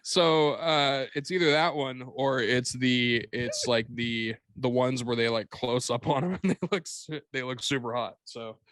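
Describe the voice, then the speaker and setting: A man's voice: mid-range voice, fairly even intonation, measured pace, few pauses, a bit bright, no echo, studio quality. A man talking as a podcast guest in a casual film-review chat, rambling, swearing and laughing often.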